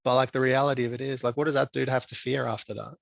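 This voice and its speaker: A man being interviewed as a guest, speaking in a reflective, measured way with frequent ums. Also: medium pitch, level tone, creaky, dry recording, muffled recording. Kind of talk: conversational interview.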